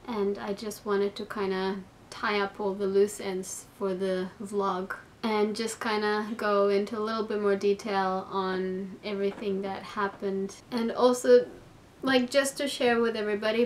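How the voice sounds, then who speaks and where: A woman's voice: medium pitch, slight background noise. A woman recording a casual vlog to camera indoors at night, chatty and reflective. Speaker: vlogger.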